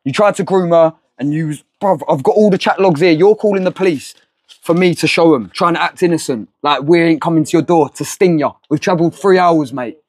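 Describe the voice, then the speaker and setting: Man, high voice, mocking and confrontational, keeps saying mate. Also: brisk, a little mellow, dry recording. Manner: taunting, mocking, repeats "mate". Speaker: second confronter in a sting. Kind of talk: heated street confrontation.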